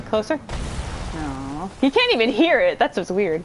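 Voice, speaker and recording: A woman giving let's play commentary, excitable and giggly, swearing freely and chatting to her viewers and to enemies on screen. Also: mid-range voice, slow pace, long pauses, noisy background. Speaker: gamer streamer.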